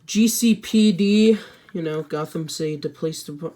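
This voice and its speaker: A woman's voice: sits low, normal speed, warm tone, slight background noise. A woman giving a casual, rambling toy set review, hesitant with many fillers and restarts, tossing in offhand self-mocking asides.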